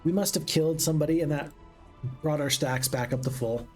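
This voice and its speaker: A man's voice: fairly high pitch, brisk, soft background music. A man giving casual commentary while playing a strategy game, thinking aloud and asking himself questions as he goes. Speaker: let's play gamer.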